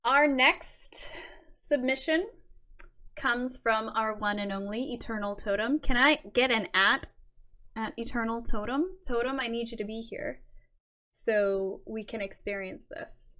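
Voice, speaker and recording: Woman host gushing over submissions, kinda high voice, takes her time. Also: measured pace, bright, forceful tone. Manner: gushing, effusive praise. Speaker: host of a creative writing show. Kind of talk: reading submissions and reacting.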